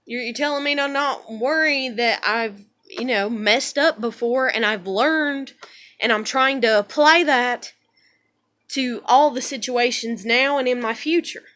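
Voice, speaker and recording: A woman pours out her frustrations in a rambling, profane monologue from her bedroom at home. Her voice sits a little high and comes across bright and tense. She talks bluntly, swearing freely as she vents. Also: a little slow. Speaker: vlogger. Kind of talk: emotional venting monologue.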